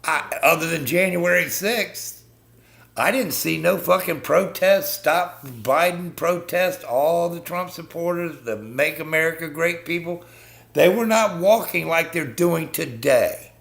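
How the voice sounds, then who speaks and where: A man's voice: fairly high pitch, a little slow, creaky, fairly bright tone. A man hosting a live stream, ranting bluntly and swearing constantly as he talks to viewers about politics.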